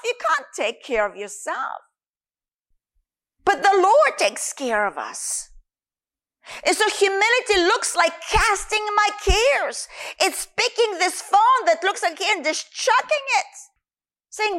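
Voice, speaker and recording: A woman's voice: very high voice, big pitch swings, slow, bright, forceful tone. A woman preaching a sermon in an earnest, emphatic way.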